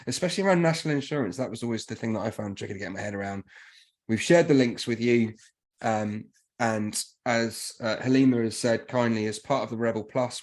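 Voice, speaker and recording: A man hosting an online workshop over a video call, talking in chatty, rambling recaps and thanks. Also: lowish voice. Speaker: workshop host.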